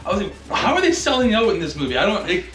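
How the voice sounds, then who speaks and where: A man co-hosts a casual podcast chat, stammering and repeating words as he shares trivia. His voice is bright and a bit high. The sound is roomy, with faint music underneath. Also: very animated, rapid-fire. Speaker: podcast co-host.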